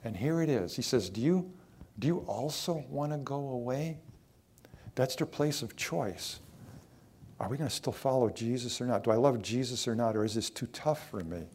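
A man's voice: medium pitch, animated, brisk, a little mellow, slight background noise. Older male pastor, plain spoken and emphatic, questions his flock directly. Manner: emphatic, rising in volume to stress points; plain conversational preaching with direct questions to listeners. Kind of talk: sermon.

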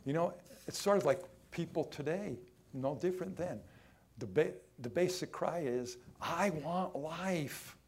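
Man preaching with loud and hushed swings. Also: fairly high pitch, animated, slightly rough. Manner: emphatic, swings between loud and hushed, drawn-out phrases; acts out quoted voices in his own voice. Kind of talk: sermon.

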